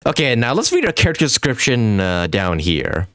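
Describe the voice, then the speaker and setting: Excitable male game streamer, lively pitch. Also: normal speed, few pauses, no room sound, clean studio sound. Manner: excitable, laughs often, swears freely; rambling, with frequent fillers and restarts. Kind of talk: casual stream reaction commentary.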